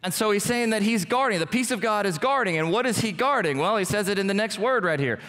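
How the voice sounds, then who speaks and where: Lively casual male preacher in a hall. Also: fast. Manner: casual, joking preacher, lively swings in pitch. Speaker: pastor. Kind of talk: sermon. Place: church hall. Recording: echoey church hall with music.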